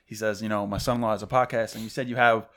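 A man's voice: on the low side, very fast. Man hosting a casual podcast interview. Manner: relaxed, conversational questions. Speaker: podcast host.

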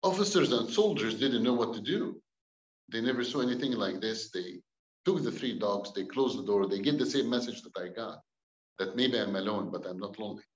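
A man's voice: fairly low pitch, brisk. A man, a pastor, telling a dramatic personal story with wry jokes and acted-out dialogue. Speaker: pastor and guest. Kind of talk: storytelling testimony. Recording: dull, roomy recording.

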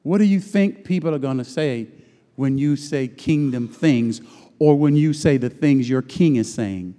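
A pastor preaching a sermon, swinging from loud shouted lines to low murmurs and drawing out his phrases. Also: measured pace. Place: church sanctuary. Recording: long hall reverb.

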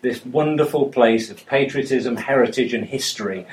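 A man from Britain tells a rambling, self-mocking story to a live audience at a fan meetup. He fills his talk with ums and uhs, and his voice sits at an ordinary middle pitch. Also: moderate pace.

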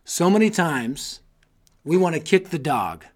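Energetic man preaching to youth leaders. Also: a little high, a little slow. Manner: energetic storytelling with repetition; exhorting, rallying listeners. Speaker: youth ministry speaker. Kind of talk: motivational sermon-style talk.

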